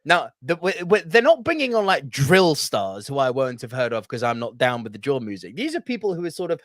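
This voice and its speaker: A man's voice: medium pitch, sing-song, a little fast, no room sound, studio quality. A young man co-hosting a podcast, chatting casually with jokey, swearing rants. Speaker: podcast co-host. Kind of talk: casual chat.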